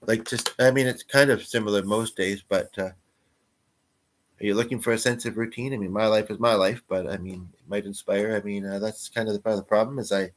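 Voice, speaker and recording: A man's voice: fairly low pitch, fairly even intonation, brisk. Rambling, chuckling man on a livestream. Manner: rambling, chuckling, self-deprecating. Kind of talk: casual chat answering live viewers.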